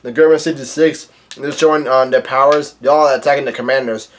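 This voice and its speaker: A man's voice: mid-range voice, steady tone, fairly quick. A man reading a comic chapter aloud with casual commentary, reading the dialogue in a plain, offhand voice. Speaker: manga chapter reader.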